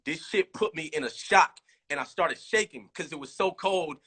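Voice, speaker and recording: Bright-voiced man telling a rambling story. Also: on the high side, moderate pace, husky. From California. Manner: rambling, restarts a lot, animated storytelling with quoted lines. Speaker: rapper talking on a livestream. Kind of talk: casual livestream chat.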